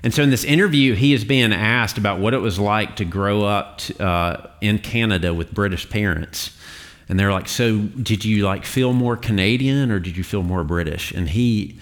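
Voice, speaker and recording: Low-voiced man preaching a casual sermon. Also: moderate pace. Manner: conversational, with fillers and laughs. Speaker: pastor.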